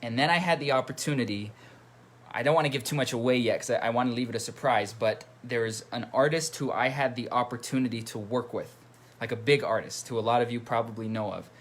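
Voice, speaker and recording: Brisk and mid-range in voice, a male musician runs a laid-back livestream from home at his computer, chatting and greeting viewers while reading their comments aloud.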